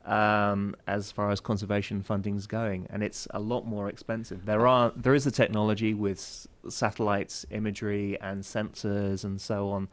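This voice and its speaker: A man's voice: fairly low pitch, level tone, moderate pace, few pauses. A man answering questions on a panel discussion, hesitant, with many fillers and restarts; he teaches classes. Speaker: university teacher.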